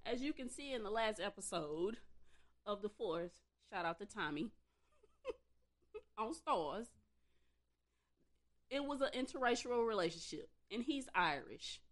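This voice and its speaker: Exasperated woman ranting, lively pitch. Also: a little slow, pauses often. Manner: exasperated, blunt, profane. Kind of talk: ranting commentary.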